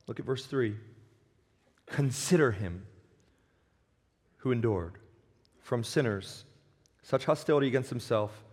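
A pastor preaching a sermon, earnest and emphatic, slowing down for weight and sometimes stumbling over restarts. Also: male voice, fairly low pitch, darkish tone. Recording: long hall reverb.

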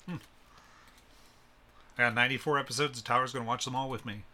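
Bright-voiced laughing podcast host. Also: male voice, mid-range voice, brisk. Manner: laughs often, animated, restarts sentences. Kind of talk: casual chat.

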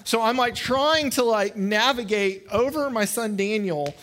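A man in his thirties preaching a sermon, a father of four, telling animated stories from home and acting out the quotes. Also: high-pitched, a little slow. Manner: animated storytelling, acts out quotes. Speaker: pastor. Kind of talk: sermon with family anecdotes.

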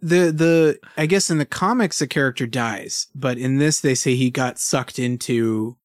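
A man in a mid-pitched voice co-hosting a casual podcast over a remote call. He thinks aloud, pausing and restarting often. The sound is dry with no room. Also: no room sound. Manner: thoughtful, hesitant, many fillers. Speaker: podcast co-host. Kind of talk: casual chat.

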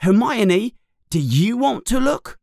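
A man reading a storybook aloud, voicing an excitable young schoolboy who gets a bit whiny. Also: high voice, slow pace, creaky, no room sound, studio quality, pitched above the performer's own voice, exaggerated voice. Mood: excited. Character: boastful young schoolboy, Harry's friend.

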